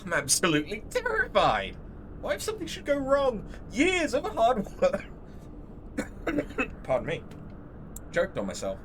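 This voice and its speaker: A jittery fussy scholar. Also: male voice, sits high, a bit bright, a little hiss or hum, full character voice. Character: anxious fussy male scholar, high-strung.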